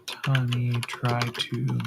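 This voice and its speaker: A man running a solo tabletop role-playing game on a stream, relaxed and thinking aloud with a lot of fillers and swearing. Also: mid-range voice, slow, gravelly, heavy background noise. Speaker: solo game master and player.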